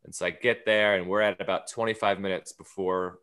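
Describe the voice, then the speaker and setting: A man telling a long, animated travel story on a podcast, acting out the lines of the people in it. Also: low-pitched, fairly quick, clear, resonant tone. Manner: storytelling, acts out quoted lines. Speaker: guest comedian. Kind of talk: casual anecdote on a podcast.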